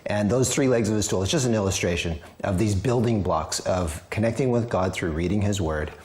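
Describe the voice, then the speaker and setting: A man's voice: lowish voice, brisk, a little mellow. A man hosting a Christian TV interview, asking questions and often giving short affirmations. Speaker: TV show host.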